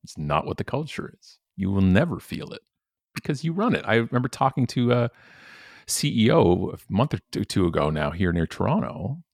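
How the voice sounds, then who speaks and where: A man's voice: on the low side, sing-song, moderate pace, gravelly, no echo, studio quality. A man in his forties, a professional speaker, talking emphatically and animatedly as a podcast guest. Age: 40s. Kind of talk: conversational podcast interview.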